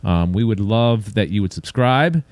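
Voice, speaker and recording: A man's voice: lowish voice, a little slow, dry recording. A man hosting a casual podcast, chatting easily and running through the show's closing plugs. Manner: relaxed, chatty, wraps up with plugs. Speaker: podcast host.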